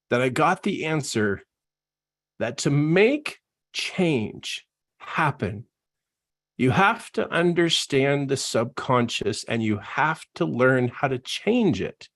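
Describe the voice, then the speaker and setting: Middle-aged coach guy, earnest and emotional, laughs at himself, middle pitch. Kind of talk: personal testimony in a live online talk.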